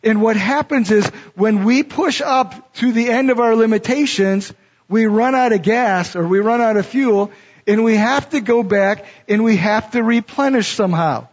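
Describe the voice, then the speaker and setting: A husky, high-pitched middle-aged man preaches at a normal speed, reading scripture verses as a pastor and then unpacking them in a teaching way. Sound quality is dull and lo-fi.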